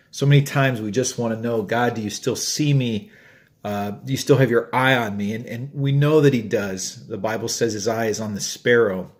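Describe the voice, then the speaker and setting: Chatty pastor talking through a mouthful. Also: male voice, fairly low pitch. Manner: chatty, storytelling, eating while talking. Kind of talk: short devotional talk.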